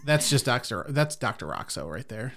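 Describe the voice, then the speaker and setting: A man's voice: medium pitch, big pitch swings, normal speed, a bit bright. Guy guesting on a podcast, cracks jokes, blunt and teasing. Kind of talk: casual podcast chat.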